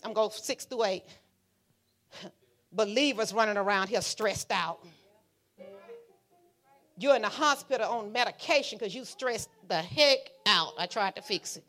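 A woman pastor preaching a sermon, talking to the congregation in a fiery, conversational way that swings from hushed asides to shouting. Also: on the high side. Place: church sanctuary.

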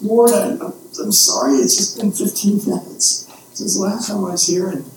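A man's voice: sits high, animated, a little slow, a little mellow, slight background noise. A man voicing a sheepish man begging forgiveness again and again, stammering and pleading, heard in a very echoey room from a distant mic.

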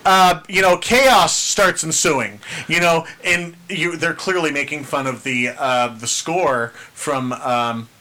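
A man's voice: on the high side, slow pace, hardly any pauses, pushed and bright. A man co-hosting a casual podcast, recapping cartoon episodes and acting out the characters' lines and sound effects. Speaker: podcast co-host.

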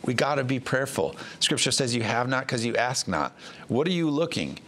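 A man's voice: medium pitch, big pitch swings, normal speed, a bit bright. A man from the United States, a pastor giving a conversational sermon, plain-spoken with frequent fillers and restarts.

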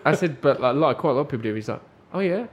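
A man's voice: mid-range voice, rapid-fire, muffled recording. A man co-hosting a podcast, telling an anecdote in a casual, rambling way full of restarts. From Britain. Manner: rambling storytelling with frequent restarts. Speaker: podcast co-host. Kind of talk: casual chat.

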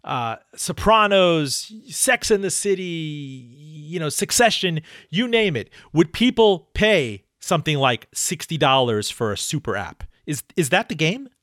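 Male podcast host, higher pitch, dry close sound, brisk plugs and rambling questions. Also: lively intonation, a bit bright, no room sound. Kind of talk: podcast hosting and interviewing.

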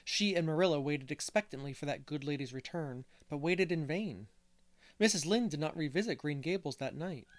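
A man reading a classic novel aloud as narrator, measured and unhurried. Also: a little high, no echo. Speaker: audiobook reader. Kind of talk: scripted narration.

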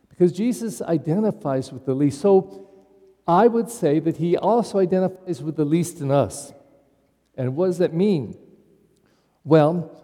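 A man's voice: a little high, warm tone. A man who is a pastor, giving a conversational homily and putting questions to his congregation. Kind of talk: sermon. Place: church. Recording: long church reverb.

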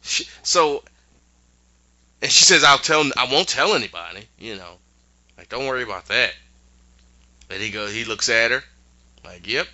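Man, podcast co-host, punchy bright tone, acts out quotes, slightly dull sound. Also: medium pitch, moderate pace, pauses often. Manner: animated retelling with acted-out quotes. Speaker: podcast co-host recapping a show. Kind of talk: casual chat.

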